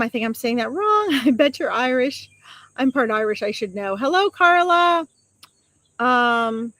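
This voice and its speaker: A woman with a slightly higher voice hosts a psychic live stream outdoors. She chats casually and affectionately as she reads viewer comments aloud and calls them sweetheart and buddy. The recording is dry and close. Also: a bit bright, no echo. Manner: chatty and affectionate, greets viewers with pet names.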